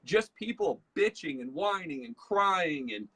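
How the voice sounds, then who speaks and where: A man's voice: a little high, animated, a little slow, sharp tone, slightly rough. A man, hosting a casual leadership talk and telling a story in a chatty way, acting out bits of dialogue. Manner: chatty storyteller, acts out dialogue, many fillers. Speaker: host.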